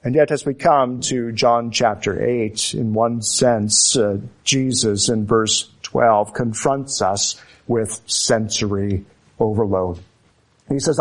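Slow, measured male preacher. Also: mid-range voice. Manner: measured, emphatic preaching with deliberate repetition. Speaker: pastor. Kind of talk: sermon.

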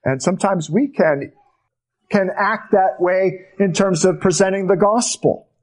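A male pastor delivering a sermon at a slow, deliberate pace. His voice sits a little high, and it sinks deep and quiet on the words he stresses. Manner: slow, emphatic preaching with deep drops on key words.

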